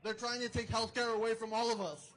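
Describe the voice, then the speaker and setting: A man speaking forcefully at an outdoor protest rally, leading chants and introducing the next speaker. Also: very high voice, flat delivery, a little fast, low-quality recording. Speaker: rally emcee.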